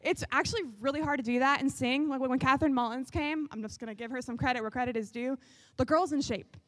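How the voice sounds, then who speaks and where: High-voiced sarcastic woman worship leader. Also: fast, dry recording. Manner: animated and sarcastic, bursts into shouts and sung snippets. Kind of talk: comedic sketch on worship styles.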